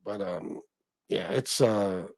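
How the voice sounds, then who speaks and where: A man's voice: low voice, slow, vocal fry, darkish tone, slightly rough, no echo. Blunt, profane middle-aged man, dry close sound. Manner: profane, blunt, self-deprecating. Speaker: livestream host reading chat. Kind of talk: casual livestream chat.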